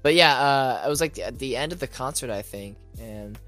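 A young man rambles through a casual podcast story, his pitch swinging in a lively way. He talks loosely, with plenty of fillers and easy laughs. Faint music plays under the talk. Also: moderate pace. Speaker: podcast guest. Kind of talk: casual chat.

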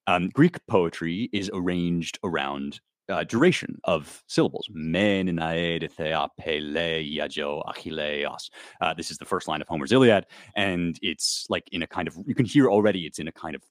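Low-pitched and expressive, this man talks a little fast, captured in clean studio sound without any room tone. A thirtysomething American guest author, he explains ideas in a relaxed interview peppered with fillers and false starts.

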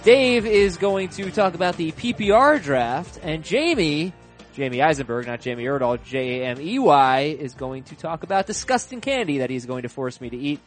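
A man's voice: on the high side, sing-song, moderate pace, faint music behind. A man hosting a sports podcast in a casual, jokey way, teasing his co-hosts. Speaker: podcast host.

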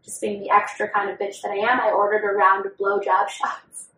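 A woman's voice: medium pitch, little pitch movement, a little fast, bright, forceful tone, a little hiss or hum. Oversharing, profane young woman. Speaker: podcast co-host. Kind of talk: candid casual chat. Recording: roomy sound from a distant mic.

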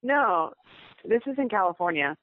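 A man's voice: high voice, expressive, normal speed, no echo. Male podcast co-host, light voice, matter-of-fact, heard over a thin phone line. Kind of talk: casual recap chat. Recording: tinny phone-like line, dry.

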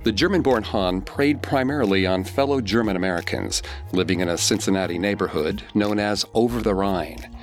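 Male podcast host, very low voice, grave scripted true-crime read over faint music. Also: brisk, hardly any pauses.

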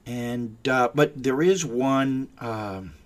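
A man's voice: medium pitch, takes it slowly. A man giving ranting commentary in a sarcastic, mocking manner.

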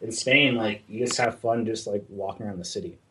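Over a little hiss or hum, a young man with a fairly low voice speaks a little fast. He's an artist chatting casually about working abroad, animated and swearing freely as he acts out the dialogue.

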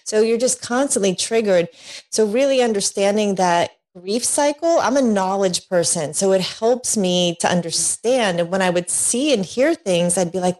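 A middle-aged woman telling her personal story as a guest, lively and laughing often, acting out voices when she quotes people. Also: mid-range voice, normal speed. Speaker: guest, divorce coach.

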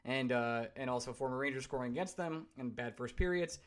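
A man hosting a casual podcast, reading out listener questions and chatting briskly. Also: medium pitch. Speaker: podcast host.

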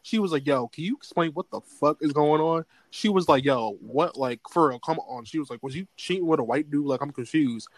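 A young man chatting casually and telling animated stories, acting out other people's lines. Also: a little high, fairly quick, few pauses, dry recording. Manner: animated storyteller, acts out quotes. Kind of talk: casual chat.

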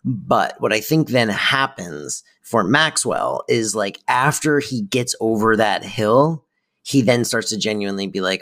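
A podcast co-host talking things over in a reflective, casual way. The voice sounds dry and close to the mic with no room around it, at an ordinary pitch. The delivery is conversational and thoughtful. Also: expressive, measured pace, a bit bright, no echo. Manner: reflective, analyzes the characters. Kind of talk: casual recap chat.

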